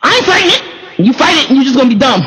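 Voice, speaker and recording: A woman preaching a sermon and telling a personal story, animated and laughing often as she speaks. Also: sits high, rapid-fire, in a large hall, low-quality recording. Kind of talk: sermon testimony.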